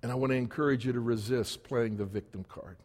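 A man's voice: mid-range voice, fairly even intonation, fast talker, darkish tone. A man preaching a sermon as pastor in a church, emphatic and repetitive in his cadence. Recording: long hall reverb.

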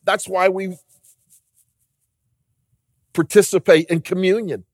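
Man, pastor preaching, earnest, emphatic build, slightly high voice, dry sound. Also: steady tone, takes it slowly, a little mellow, no room sound. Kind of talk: sermon.

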